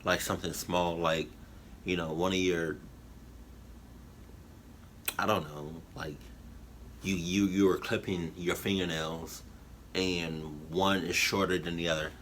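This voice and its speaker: A man giving halting, emotional commentary on a reaction video, full of fillers and restarts. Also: sits low, fairly even intonation, a bit bright, a little hiss or hum. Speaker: YouTube reactor. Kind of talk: rambling heartfelt commentary.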